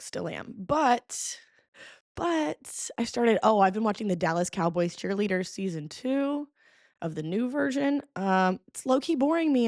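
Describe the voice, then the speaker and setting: A woman's voice: mid-range voice, a little mellow, no echo, studio quality. A young woman hosting a casual solo podcast, playful and dramatic, humming bits of songs. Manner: playful, dramatic, hums and sings along to songs. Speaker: podcast host.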